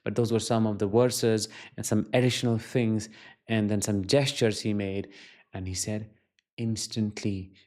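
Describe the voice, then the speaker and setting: A man's voice: lowish voice, steady tone, normal speed, darkish tone. A man hosting his own channel, telling personal stories to camera in an earnest, reflective way with emphatic questions. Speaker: self-help channel host. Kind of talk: personal storytelling monologue to camera.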